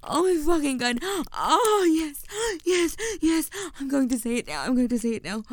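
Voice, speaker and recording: A woman playing a breathy, pleading young woman. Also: high voice, big pitch swings, a little slow, no room sound. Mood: breathless.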